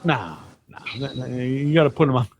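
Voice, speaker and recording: A man's voice: medium pitch, lively intonation, fairly quick, highs cut off, a little hiss or hum. A middle-aged man co-hosting a podcast, telling rambling, profane stories in casual chat. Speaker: podcast co-host.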